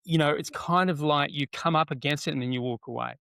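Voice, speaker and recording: A middle-aged man tells stories as an interview guest, with a gravelly edge to his voice. He talks animated and loose, full of fillers and restarts, and acts out what people said. The sound is close and dry. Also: fairly high pitch, a little fast, no room sound. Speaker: guest, NLP trainer. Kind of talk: casual conversational interview.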